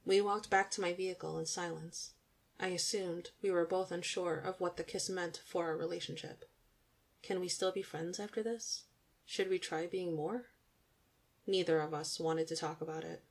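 Young female audiobook narrator, gravelly and on the low side, intimate and even. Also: moderate pace.

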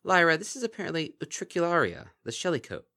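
A man voicing a weary female changeling in a storybook reading, speaking flat and resigned. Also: fairly high pitch, fast talker, pitched above the performer's own voice, heavily acted. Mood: weary dry. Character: weary disguised female changeling, dry and exasperated.

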